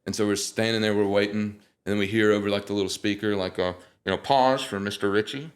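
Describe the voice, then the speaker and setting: Young guy with a low voice, telling funny stories, laid-back chat. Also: quick pace. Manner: animated, joking storyteller. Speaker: guest singer. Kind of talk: casual interview chat.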